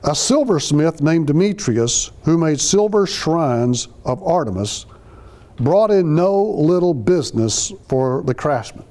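A Bible teacher gives a conversational sermon, reading verses, explaining them phrase by phrase, and acting out quotes. His voice is fairly high and expressive, with a dark tone and a measured pace.

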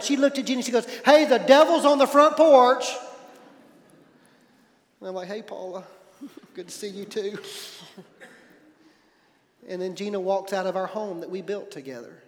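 Male pastor with a high voice, storytelling sermon, shifts loud to hushed, echoey hall.

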